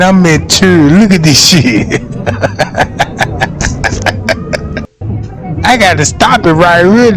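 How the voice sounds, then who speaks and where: A man hosting a livestream, reacting with lots of laughter and slangy commentary. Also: fairly high pitch. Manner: slangy, laughs often, acts out quick bits. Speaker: livestream host.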